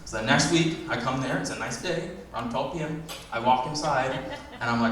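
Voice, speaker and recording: A young man telling animated stand-up stories on a comedy club stage. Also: mid-range voice, a little fast. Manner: animated storytelling, acts out voices. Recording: distant, very echoey club room.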